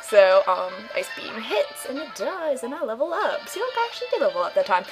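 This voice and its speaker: A woman's voice: fairly high pitch, very animated, a little fast, over music, low-quality recording. A young woman casually commenting on her own game playthrough, rambling and joking as she goes. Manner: rambling, jokey, puts on silly voices. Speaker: gamer doing a let's play.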